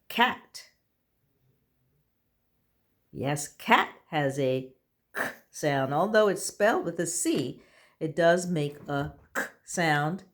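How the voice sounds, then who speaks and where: A woman teaching an online phonics lesson to young children, sounding out letters patiently and praising correct answers. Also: sits low. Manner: encouraging, checks in with children.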